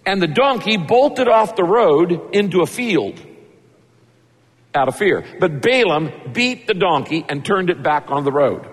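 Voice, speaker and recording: A man's voice: high voice, animated, a little slow, breathy edge, long reverb tail. A man preaching a conversational, emphatic sermon, retelling a story and pressing the point home. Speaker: pastor.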